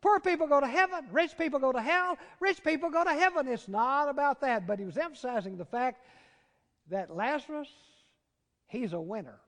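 A man with a Southern American accent preaching a sermon, dropping to hushed, drawn-out words and rising to loud, urgent cries. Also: very high-pitched, expressive. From Southern United States. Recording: long reverb of a large hall.

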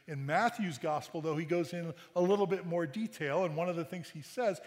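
A man preaching in a church, his fairly high voice trailing into a long reverb. He drives his points home with loud emphatic bursts and keeps asking the congregation "right?". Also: a little fast. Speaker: pastor. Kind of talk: sermon. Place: church sanctuary.

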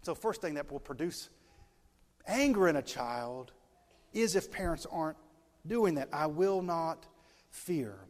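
A male pastor preaching a sermon in a lively way, putting questions to his congregation. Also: on the high side, unhurried, pauses often. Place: church sanctuary. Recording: long hall reverb from a church.

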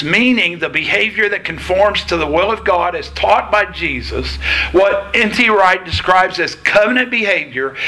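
A man preaching a sermon to a congregation in a church, emphatic and deliberate, with a sarcastic edge at times. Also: sits high, bright, forceful tone, low-quality recording. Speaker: pastor. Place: church sanctuary.

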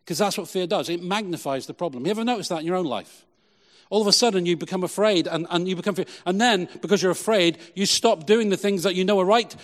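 A middle-aged man, a pastor, preaching a sermon with emphatic, slow, repeated phrases. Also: high-pitched, in a large hall.

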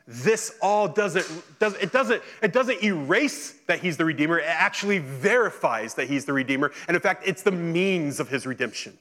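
A male pastor preaching a sermon, reading scripture and then retelling it in lively, casual speech. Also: on the high side, moderate pace, hardly any pauses.

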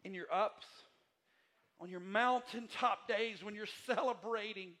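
A man delivers a sermon from a church pulpit. His voice sits high and sounds bright and forceful. He leans on repeated phrases, drops to near-quiet passages, then lifts to loud appeals. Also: a little slow. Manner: repetitive, emphatic preaching with swings between soft and loud passages. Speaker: pastor. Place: church sanctuary.

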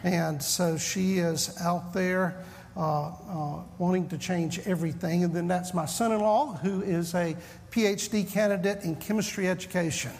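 A man's voice: high voice, fairly even intonation, normal speed, a little mellow, in a large hall. A man in his fifties with a Southern US accent, a pastor opening a sermon with folksy, self-deprecating stories. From Southern United States. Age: 50s.

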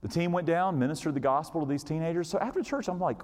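Man, pastor, high voice, animated storytelling sermon, acts out quotes, long reverb. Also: fast talker.

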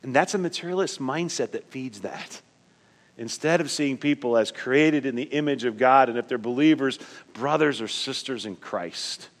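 A man preaching a sermon as pastor, swinging from emphatic loud points to quiet, low asides. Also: moderate pace, in a large hall.

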